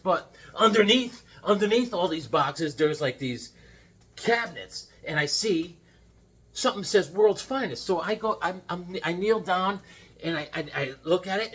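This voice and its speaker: A middle-aged man vlogging about comic books in a casual, rambling way, full of restarts and animated retellings. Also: high voice, normal speed, slightly rough. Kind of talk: casual chat.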